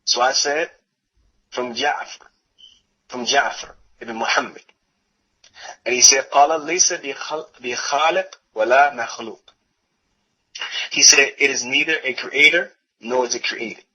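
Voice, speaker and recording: Halting bright-voiced male lecturer, lo-fi. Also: mid-range voice, husky. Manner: halting, self-correcting, repeats phrases while translating. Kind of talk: religious lecture reading and translating a text.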